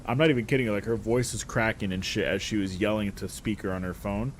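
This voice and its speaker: A man casually telling a story, animated and profane, often breaking into laughter. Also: lowish voice, brisk, a little hiss or hum. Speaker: streamer.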